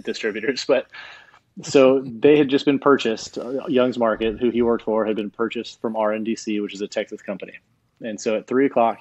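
A man with a fairly low voice tells a story in a casual interview and acts out the other people in it. The sound is dry and a little dull, like a lo-fi remote line. He is a chef from Hawaii. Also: a little mellow, no room sound. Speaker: chef and guest.

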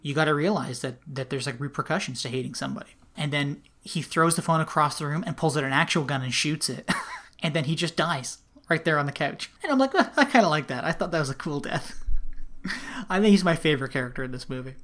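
A podcast co-host casually recaps a film plot, his slightly high, fairly bright voice expressive and a little fast. He's chatty, laughs often, and says "like" a lot.

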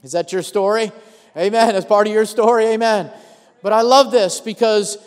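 High-voiced preacher in a reverberant church. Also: male voice, fairly even intonation, normal speed, smooth. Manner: storytelling preacher, calling out "amen" and "come on" to the congregation. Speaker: pastor. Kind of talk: sermon.

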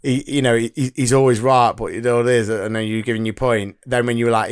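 A man's voice: medium pitch, steady tone, quick pace, clear, resonant tone. Teasing man in his thirties. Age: 30s. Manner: teasing, laughs often. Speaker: podcast co-host. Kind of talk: casual banter.

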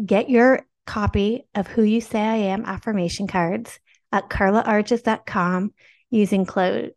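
A woman's voice: medium pitch, a little mellow. A young woman giving an earnest devotional teaching, speaking directly to her viewers and repeating phrases for emphasis. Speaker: Christian teacher and product seller.

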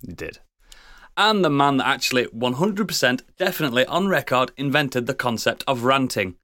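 A man's voice: medium pitch, expressive, normal speed, sharp tone, no echo, studio quality. A man hosting a podcast, introducing his co-hosts with teasing jokes in casual banter. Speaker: podcast host.

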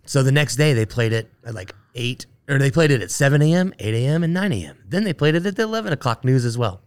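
Man, guest on a chat show, mid-pitched voice, rambling storyteller, lots of asides. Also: big pitch swings, fast talker, clean tone. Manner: rambling, full of asides and acted-out quotes. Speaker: guest, brewer.

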